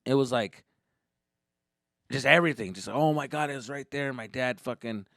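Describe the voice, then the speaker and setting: A young man telling a comic story as a podcast host, profane and animated, jumping into voices. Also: medium pitch, moderate pace, creaky, no room sound, clean studio sound.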